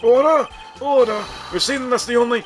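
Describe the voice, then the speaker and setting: A man's voice: very high voice, steady tone, moderate pace, pitched above the performer's own voice. A man voicing a stern elderly male judge who barks orders over game music. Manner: loud, gavel-banging commands.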